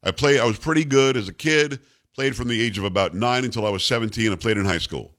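A man's voice: mid-range voice, fast, a bit bright. A middle-aged man hosting a talk show, delivering a blunt, emphatic, repetitive opinion monologue. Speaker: radio talk show host. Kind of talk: opinionated monologue on sports news.

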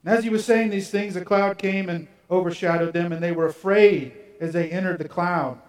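A man preaching a sermon, first reading scripture and then telling stories in a measured way. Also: high voice, recorded from a distance. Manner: measured reading that shifts into storytelling. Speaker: pastor. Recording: roomy sound, from away from the mic.

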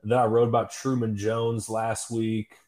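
A man's voice: lowish voice, level tone, moderate pace, a little mellow. A man co-hosting a sports podcast, laid-back and a little hesitant, chuckling between thoughts. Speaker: sports writer and podcast co-host. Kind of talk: casual sports podcast chat.

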